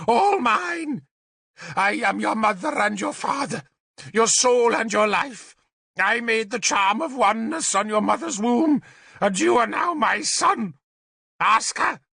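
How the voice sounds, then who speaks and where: A man's voice: sits high, animated, unhurried, creaky, sharp tone, breathy edge, dry recording, studio quality, voice pushed up, heavily acted. A man voicing a wicked, cackling old druid in an audiobook, with a gloating, crooning menace. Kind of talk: audiobook character voice.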